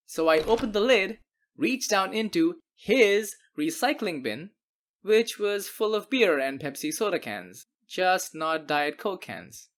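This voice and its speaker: A woman's voice: fairly low pitch, very animated, takes it slowly. Wry woman storytime narrator. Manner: wry, sarcastic asides. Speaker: narrator of animated internet stories.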